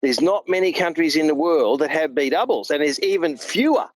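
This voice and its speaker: A middle-aged Australian man speaks with blunt, colloquial emphasis. His voice sits a touch high for a man. The sound is close and dry. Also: animated, fairly quick, no echo, rough recording. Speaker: truck driver guest. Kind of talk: casual chat.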